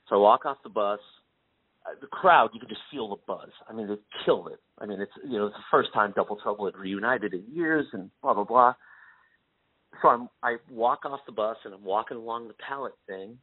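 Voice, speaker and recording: A man, a guest musician, telling a lively anecdote in a casual interview and acting out the voices he quotes. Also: lowish voice, a little fast, husky, no room sound. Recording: tinny phone-like line.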